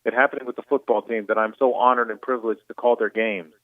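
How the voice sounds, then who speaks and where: A man's voice: medium pitch, steady tone, fast talker, no room sound. Earnest middle-aged man on a tinny phone line. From Jacksonville, Florida. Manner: earnest, emotional, repeats words. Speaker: play-by-play broadcaster calling in. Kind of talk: reflective on-air talk.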